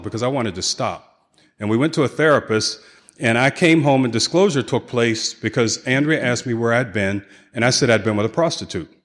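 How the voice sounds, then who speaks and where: A man giving a keynote talk at a recovery conference, earnestly telling his own story and acting out the conversations in it. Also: medium pitch. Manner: earnest storytelling, acts out quoted dialogue. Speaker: keynote speaker. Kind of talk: personal recovery testimony. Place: conference hall with audience.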